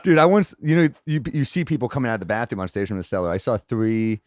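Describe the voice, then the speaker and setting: Podcast guest, male comedian, expressive pitch, quick laugh; dry close mic. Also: dry recording. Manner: laughs often, tells quick anecdotes. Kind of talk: casual chat.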